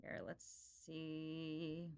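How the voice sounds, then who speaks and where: A woman's voice: low voice, completely flat delivery, drawn-out words, darkish tone, smooth. A woman co-hosting a book podcast, talking over chapters in a reflective, easygoing way. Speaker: podcast co-host. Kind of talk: casual book discussion.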